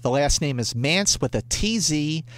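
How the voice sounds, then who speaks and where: A man as a podcast guest, gushing and excitable, often stammering and repeating himself. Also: on the high side, a little slow, no echo. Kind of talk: casual chat.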